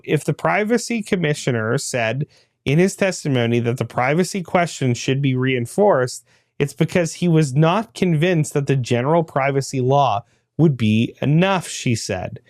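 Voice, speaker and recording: A man's voice: on the high side, lively intonation, moderate pace, a little mellow, no echo. A man hosting a podcast, reading a news article aloud and breaking off for dry, laughing asides. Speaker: podcast host.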